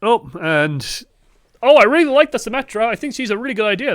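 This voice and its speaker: A young man coaching over gameplay footage, moving from calm breakdowns to exasperated outbursts and swearing bluntly. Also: high voice, fairly quick, dry recording, soft background music. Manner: swings from calm analysis to exasperated shouting. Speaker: game coach. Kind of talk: live-streamed gameplay review commentary.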